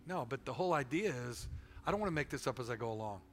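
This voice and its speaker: Bright-voiced preaching pastor in a reverberant hall. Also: male voice, medium pitch, animated, racing. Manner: emphatic preaching, swinging between loud exhortation and quiet storytelling. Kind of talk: sermon. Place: church sanctuary. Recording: long reverb of a large hall.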